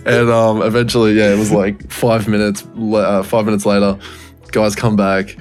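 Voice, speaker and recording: A man's voice: lowish voice, level tone, moderate pace, a little mellow, soft background music. A man co-hosting a podcast, telling a story in casual chat, laughing often and swearing freely. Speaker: podcast co-host.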